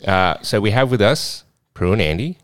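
Deep-voiced podcast host. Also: male voice, expressive, normal speed, a bit bright, smooth, no room sound, clean studio sound. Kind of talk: casual podcast chat.

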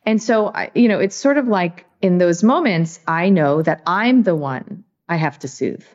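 A woman's voice: lowish voice, lively intonation, moderate pace, darkish tone, muffled recording. A woman speaking as an interview guest, talking in an earnest, reflective way with many "you know"s and "right"s. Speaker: guest, author. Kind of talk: casual interview talk.

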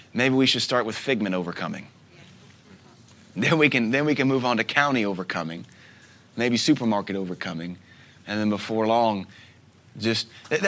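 A mid-range voice belongs to a pastor in his thirties preaching a sermon. He tells stories, dropping soft asides and then breaking into sudden loud bursts.

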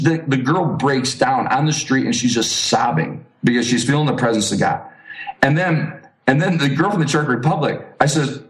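A man being interviewed as a street evangelist, telling a story with animated energy and frequent restarts. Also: medium pitch. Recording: roomy echo.

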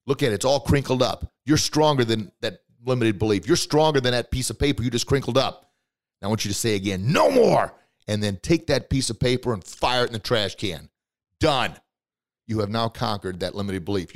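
A man hosting a motivational podcast, coaching listeners directly with excitement and bursts of emphatic shouting. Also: medium pitch, a little fast. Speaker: podcast host.

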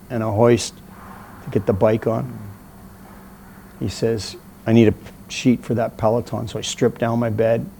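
Middle-aged guy with a gravelly voice, animated storyteller, bit of hiss behind. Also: medium pitch. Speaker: interview guest. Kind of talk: casual storytelling.

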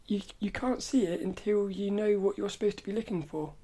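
Dark-voiced rambling woman podcaster. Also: mid-range voice, a little fast, husky. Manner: rambling, stop-start, self-correcting. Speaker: podcast host. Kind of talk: casual solo chat.

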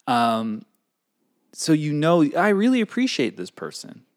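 A man's voice: on the high side, very animated, measured pace. A man co-hosting a podcast in a casual, rambling way, laughing often and slipping into goofy voices. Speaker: podcast co-host. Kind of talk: casual chat.

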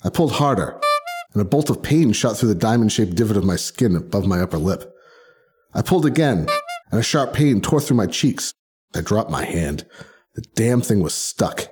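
A man's voice: fairly low pitch, lively intonation, normal speed, darkish tone, husky, soft background music. A man narrating a short story in the first person, reading expressively and voicing the characters. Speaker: podcast narrator. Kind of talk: audiobook narration.

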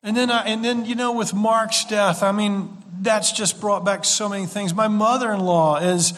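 A pastor preaching a sermon, earnest and conversational, with folksy asides to the congregation. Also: male voice, sits high, fairly even intonation, normal speed, fairly bright tone. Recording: long hall reverb.

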